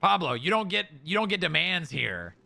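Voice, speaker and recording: A man in an in-character roleplay presses his questions again and again. His voice is very bright and forceful, with a gravelly edge. His pitch sits on the high side and swings widely. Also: very animated, normal speed. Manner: insistent, repetitive interrogating. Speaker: roleplay streamer playing an officer.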